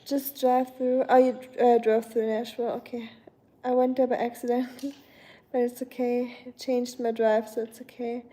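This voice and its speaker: A woman's voice: fairly high pitch, flat delivery, moderate pace, dark tone. A young woman casually chatting with viewers on a home live stream, rambling with fillers and correcting herself as she talks. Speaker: livestream host.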